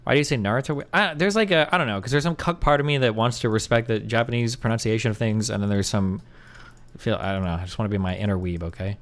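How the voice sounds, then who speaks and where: On a live stream, a man with a fairly low voice talks fast and loosely with his audience, responding to chat. He rambles, second-guesses himself aloud, and swears casually.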